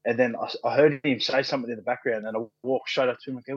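A man's voice: medium pitch, steady tone, rapid-fire, no echo. An Australian man in his thirties, a podcast guest telling stories in casual chat, laid-back and full of fillers, swearing freely. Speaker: podcast guest, rugby league player. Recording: dull, dry sound.

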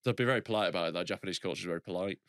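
A man's voice: low voice, a bit bright, dry recording, studio quality. A man co-hosting a comedy podcast, teasing and rambling through crude banter. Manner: teasing, rambling, quick to laugh. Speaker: podcast co-host.

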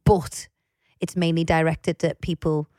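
A woman's voice: low-pitched, flat delivery, a little slow, dark tone, no echo, clean studio sound. Scouse woman, playful podcast chat. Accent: Liverpool (Scouse). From Liverpool. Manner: playful, explaining slang. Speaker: podcast co-host. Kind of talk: casual chat.

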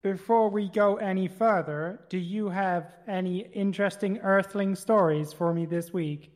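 A man voicing a deadpan male alien podcast companion with a flat, synthesized-sounding voice, speaking slowly and stiffly. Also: high voice. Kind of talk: comedy podcast bit.

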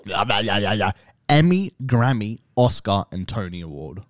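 A man's voice: fairly low pitch, big pitch swings, normal speed, no echo, studio quality. A young man co-hosting a casual podcast, jokey and loose, often laughing and swearing. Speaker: podcast co-host. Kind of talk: casual chat.

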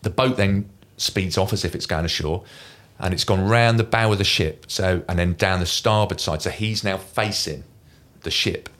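A middle-aged man, a former Royal Marine guest telling an animated war anecdote in a casual interview. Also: deep voice, normal speed, few pauses. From Kent, England. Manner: animated anecdote teller, mimics voices in quoted lines.

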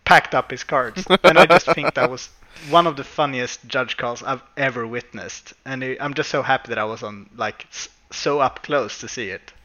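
A man in a casual podcast chat, telling stories with excitement and bursts of laughter. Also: medium pitch, moderate pace, hardly any pauses.

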